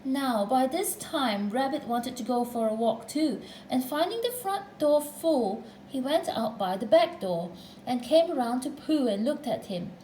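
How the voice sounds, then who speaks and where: Expressive woman reading a storybook. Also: sits high, measured pace, reverberant, a little hiss or hum, poor audio. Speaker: storybook reader. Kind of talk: storybook narration.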